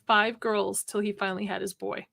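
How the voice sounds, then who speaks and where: A woman in casual podcast chat, blunt and quick to laugh while explaining things. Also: medium pitch, little pitch movement, gravelly, fairly bright tone.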